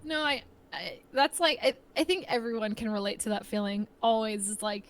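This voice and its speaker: A woman's voice: a little high, steady tone, moderate pace, low-quality recording. A young woman in casual conversation, rambling and restarting sentences, acting out little voices when she quotes people. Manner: rambling, self-interrupting, acts out voices in quotes. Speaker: guest streamer. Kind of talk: casual chat.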